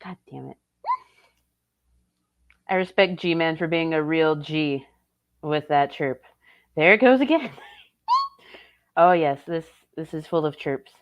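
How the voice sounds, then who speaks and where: A woman's voice: low voice, fairly even intonation, slow, pauses often, lo-fi sound. A woman streamer reacting to a video in casual, blunt and profane commentary. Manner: blunt and profane, laughs often.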